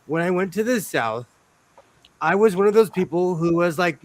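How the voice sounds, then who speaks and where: A man's voice: high-pitched, animated, moderate pace, no room sound. A man chatting casually as a guest, jokey and self-mocking, often laughing.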